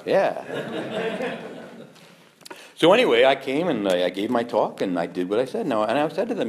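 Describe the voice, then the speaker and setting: A man, a priest, teaching fellow preachers in a lively storytelling way, acting out quoted voices and laughing along. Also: medium pitch, normal speed. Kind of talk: teaching talk to clergy with anecdotes.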